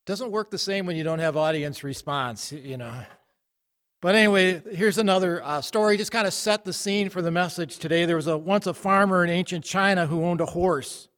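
A man's voice: fairly high pitch, normal speed, a bit bright, in a large hall. A man preaching a sermon, telling stories in a plain, conversational way.

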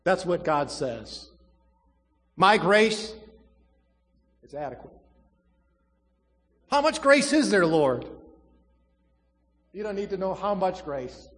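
A preacher delivers a sermon with dramatic swings, booming on some phrases and falling almost to a whisper on others, leaning hard on key words. His voice sits somewhat high for a man. A long reverb from the church hall trails each line. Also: very animated. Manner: dramatic preaching, swells loud then drops to a hush, slow emphatic stresses.

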